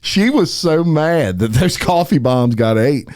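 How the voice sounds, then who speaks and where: Middle-aged host, animated folksy storyteller, dry close sound. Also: male voice, on the high side, measured pace, no echo. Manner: folksy storyteller, lively and laughing. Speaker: podcast host. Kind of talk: casual interview chat.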